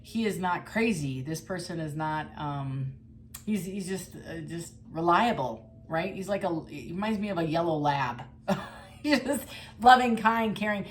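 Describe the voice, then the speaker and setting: A woman's voice: lowish voice, expressive, unhurried, slight background noise. A middle-aged woman giving a casual tarot reading, chatty and blunt, with mild swearing. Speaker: tarot reader.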